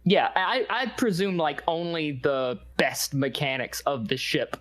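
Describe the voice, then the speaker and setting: A man's voice: on the high side, expressive, measured pace, fairly bright tone, rough recording. Man narrating a role-play game. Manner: loose, filler-heavy narration. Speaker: game master.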